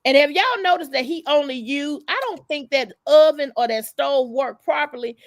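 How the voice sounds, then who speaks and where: A woman hosts a live stream, talking in a high, gravelly voice. She gossips casually, sassy and profane, and hammers her points home. The sound is dry and close, with no room echo. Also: normal speed. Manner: sassy, profane, emphatic storytelling. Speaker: livestream host.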